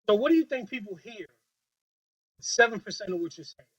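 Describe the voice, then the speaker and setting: A man leading a training workshop with a group, talking in a lively, joking way and acting out quoted voices on a handheld mic. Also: high voice, a little fast, slightly rough, low-quality recording.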